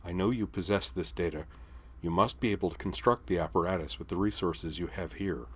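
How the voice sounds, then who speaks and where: A man's voice: low-pitched, brisk, a bit bright, slightly rough. A man reading a story aloud, voicing a blunt young woman fighter who talks in clipped, formal sentences without contractions. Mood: cold.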